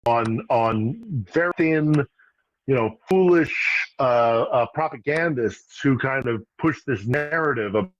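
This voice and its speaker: A man's voice: medium pitch, expressive, measured pace, dull audio, a little hiss or hum. A man giving casual political commentary on a live stream, rambling with restarts and asides. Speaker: regular guest commentator. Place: in Ukraine.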